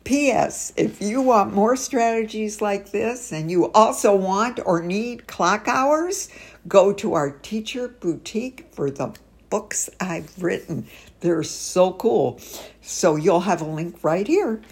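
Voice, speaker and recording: A woman's voice: mid-range voice, animated, slow, husky. A woman teacher trainer giving an upbeat instructional video tip, laughing often between phrases.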